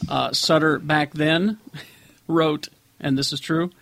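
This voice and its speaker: A man with a slightly high, gravelly voice reads out quoted statements during a casual podcast chat. The sound is close and dry, with no room around it. He moves briskly through the quotes. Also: steady tone, a bit bright, no echo. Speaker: podcast co-host.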